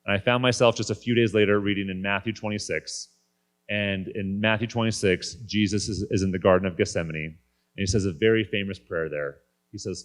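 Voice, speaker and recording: A man's voice: fairly low pitch, steady tone, brisk. A man in his thirties giving a candid, conversational personal faith talk from a conference stage. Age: 30s. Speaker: guest speaker.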